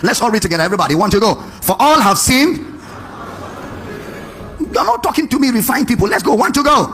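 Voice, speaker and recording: Animated high-voiced preacher. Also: male voice, very fast, faint music behind. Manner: animated, questions the congregation, sing-song emphasis. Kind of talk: lively sermon.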